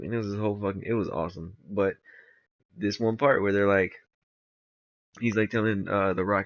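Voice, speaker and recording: A man's voice: fairly low pitch, fairly even intonation, brisk, pauses often. A man giving casual, rambling gameplay commentary, laid-back and swearing freely. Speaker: gamer.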